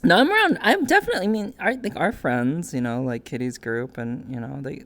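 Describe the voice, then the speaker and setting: Lively young woman chatting on stream. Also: a little fast. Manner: animated storyteller, laughs often, jumps to squeaky voices when quoting. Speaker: interviewer, streamer. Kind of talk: casual conversation on stream.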